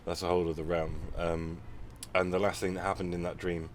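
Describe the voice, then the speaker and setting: A man's voice: low-pitched, level tone, brisk, a crowd in the background. A man hosting a podcast, talking in a rambling casual way with many restarts. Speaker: podcast host. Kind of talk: casual conversation.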